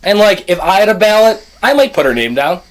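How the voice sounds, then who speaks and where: A young man co-hosts a podcast in casual conversation, talking a lot, explaining things at length, and quickly restarting his sentences. His voice is high and sing-song.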